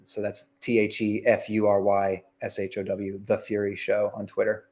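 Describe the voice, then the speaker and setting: Plain-spoken low-voiced male guest. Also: completely flat delivery, moderate pace, a little mellow. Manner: heartfelt, plain-spoken, with fillers. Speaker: interview guest. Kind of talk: candid conversation.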